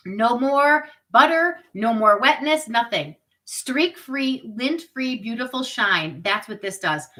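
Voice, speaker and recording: A woman's voice: fairly high pitch, expressive, takes it slowly, bright, forceful tone, low-quality recording. A woman in her forties hosting a live product demo on webcam, chatty and upbeat, with asides to her viewers. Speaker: product party host.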